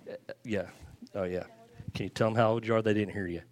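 A man's voice: fairly low pitch, fairly even intonation, fast talker, pauses often, darkish tone. A middle-aged male pastor, speaking from a church platform into a handheld mic in a folksy, rambling way with restarts and chuckles. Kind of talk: casual church talk before baptisms. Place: church sanctuary. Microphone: handheld microphone.

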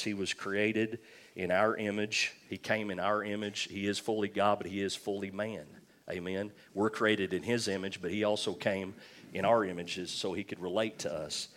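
A man's voice: sits low, fairly bright tone. A man preaching a sermon, telling a personal story and calling for amens. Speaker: pastor.

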